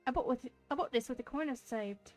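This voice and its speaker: A woman's voice: sits high, fairly quick, darkish tone, soft background music, close to an everyday voice. A woman voicing a frightened young refugee woman who begs and stammers in a put-on Cockney accent. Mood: pleading. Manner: stammering, begging.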